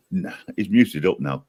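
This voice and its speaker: Male stream host, low voice, dry close sound, teasing banter. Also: expressive, takes it slowly, darkish tone, slightly rough, no echo. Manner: teasing, laughs at his own jokes. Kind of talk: casual group chat on a live stream.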